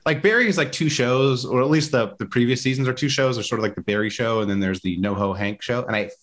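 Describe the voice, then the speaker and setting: A man's voice: mid-range voice, quick pace, a bit bright. A man co-hosting a casual podcast chat, opinionated and fond of handing out tips. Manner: opinionated, gives tips, repeats himself. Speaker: podcast co-host.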